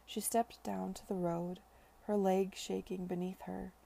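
A woman reading a novel aloud as host of her reading podcast, in a calm, even narration. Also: medium pitch, unhurried, gravelly. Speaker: podcast reader.

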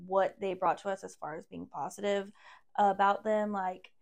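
A woman's voice: mid-range voice, fairly even intonation, normal speed, gravelly, a little mellow. Woman, podcast guest, casual chat, blunt and sassy.

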